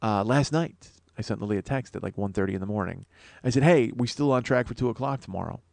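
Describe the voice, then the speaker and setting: A man's voice: lowish voice, fast talker, creaky, a little mellow, no room sound. A man hosting a podcast, telling a rambling comic story in an exasperated, profane, self-mocking way. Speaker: podcast host.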